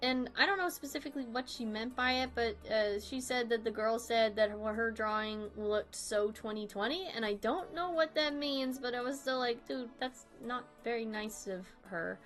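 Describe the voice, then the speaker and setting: A woman's voice: fairly high pitch, normal speed, few pauses, a bit bright, faint music behind. A young woman in her twenties chatting casually on a drawing stream, rambling and self-deprecating, often laughing.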